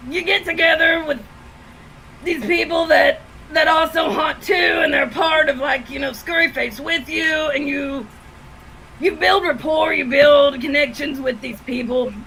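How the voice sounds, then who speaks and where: A woman who works as a haunted attraction actor, chatting loudly and animatedly over a video call as a guest, laughing through her stories and swearing freely. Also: sits high, measured pace, creaky, slight background noise, poor audio. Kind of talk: casual storytelling chat.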